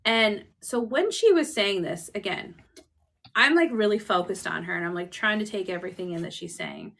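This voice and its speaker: Bright, lively Canadian woman telling a story. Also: mid-range voice, moderate pace, gravelly. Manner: animated storyteller, acts out quotes with laughter. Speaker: podcast co-host. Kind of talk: casual storytelling chat.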